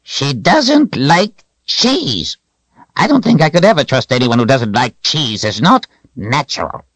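A man narrating a story voices a playful, teasing old male wizard in a high, slow, drawn-out voice. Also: sing-song, a bit bright, no echo.

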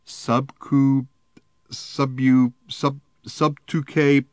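A man voicing a drunk, rambling man telling a tall tale, talking loud, halting and insistent. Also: medium pitch, sing-song, dry recording, voice pushed up, lightly acted. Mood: tipsy.

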